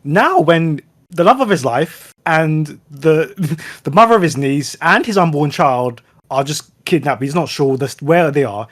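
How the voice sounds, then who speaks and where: Guy on a fan podcast, higher voice, bounces all over, kinda indignant. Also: sing-song, unhurried. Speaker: podcast panelist. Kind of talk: casual fan discussion.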